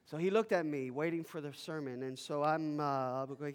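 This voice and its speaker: A pastor whose first language is Spanish, telling an animated, emphatic story during a sermon in a chapel. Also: male voice, fairly high pitch, moderate pace, clear, resonant tone. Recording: long reverb in a chapel.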